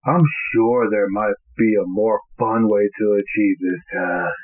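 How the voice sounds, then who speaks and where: A man's voice: lowish voice, steady tone, unhurried, soft background music. A man doing a weary, blunt young guy. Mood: exasperated. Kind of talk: amateur fan fiction reading. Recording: tinny, phone-like lo-fi audio.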